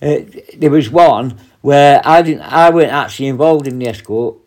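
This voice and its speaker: Speaking at a normal speed in a slightly mellow, mid-range voice, a male prison officer spins profanity-laced, blunt anecdotes. He casually acts out the retorts he gave.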